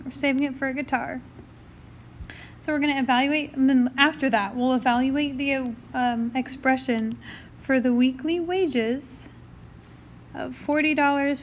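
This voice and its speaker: A woman with a high, bright-toned voice walks through a recorded math lesson, chatty and upbeat as she explains each step. She has the hiccups, and faint background hiss sits under her voice on the tablet mic. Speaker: math teacher.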